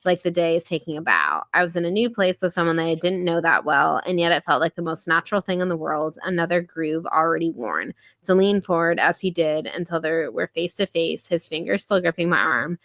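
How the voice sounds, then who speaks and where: Chatty millennial woman, bright dry voice. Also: lowish voice, lively intonation, no echo. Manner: chatty, filler-heavy, laughs often, paraphrases scenes in quick voices. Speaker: podcast co-host. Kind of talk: casual book-review chat.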